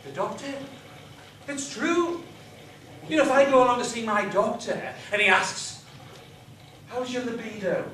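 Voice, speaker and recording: Northeast english guy doing a funny keynote, highish voice, echoey hall, mic a bit far off, faint room hum. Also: expressive, normal speed, pauses often, pushed and bright. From northeast England. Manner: joking, storytelling, quizzes the crowd. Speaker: motivational business speaker. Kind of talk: humorous keynote talk to a live audience. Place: large hall with a live audience. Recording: roomy hall recording from a distance.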